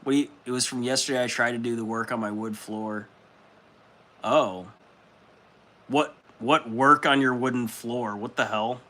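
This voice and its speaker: Steady and mid-range, with a pushed, bright quality, a young man's voice runs at normal speed as he hosts a hobby livestream. He chats casually through viewer comments, easygoing, laughing often and swearing freely.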